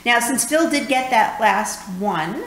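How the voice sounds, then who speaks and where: A woman's voice: on the high side, expressive, a little slow, fairly bright tone. Woman, from New York, game co-host, chatty, jokey, echoey room, faint background noise. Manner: explaining rules chattily, jokey. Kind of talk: casual board game playthrough.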